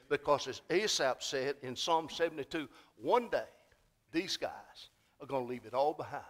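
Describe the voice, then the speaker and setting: High-voiced folksy preacher. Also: male voice. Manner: folksy storytelling preacher, rising to emphatic exhortation. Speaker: pastor. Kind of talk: sermon. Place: church sanctuary.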